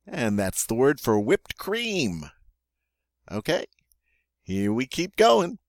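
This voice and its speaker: A man teaching French vocabulary, playful and joking, saying each word slowly and twice before giving its meaning. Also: medium pitch, wildly swooping pitch, no echo, studio quality. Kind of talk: vocabulary lesson.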